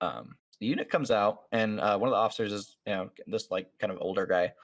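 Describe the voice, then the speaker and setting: A man's voice: on the low side, fast. A man on a podcast telling a story in casual chat, acting out what each person said, with many fillers. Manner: acts out the people in his story, many fillers. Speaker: podcast host.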